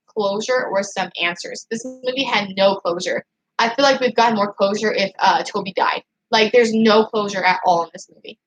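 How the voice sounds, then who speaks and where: A woman hosting a casual livestream, reading out chat comments and ranting in an excitable, frustrated way with lots of "like" and restarts. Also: fairly high pitch, rough recording. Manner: excitable and frustrated, heavy use of "like". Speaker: channel host reading live chat.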